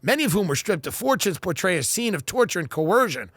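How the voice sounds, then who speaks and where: Man, high voice, swooping lively pitch, sarcastic comedic riffing, dry close sound. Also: brisk, dry recording. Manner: sarcastic, mock-earnest riffing with sudden voice swings. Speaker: podcast host. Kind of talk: comedic commentary reading news aloud.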